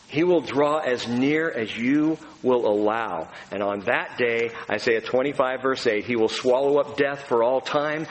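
A pastor giving a conversational, humorous sermon to his congregation, acting out quotes. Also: on the high side. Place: church sanctuary. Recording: long hall reverb, faint room noise.

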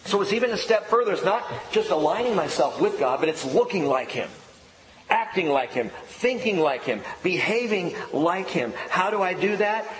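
A man's voice: high voice, lively intonation, normal speed. A middle-aged man preaching a sermon as pastor, emphatic and repeating key phrases. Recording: echoey hall with faint ambience.

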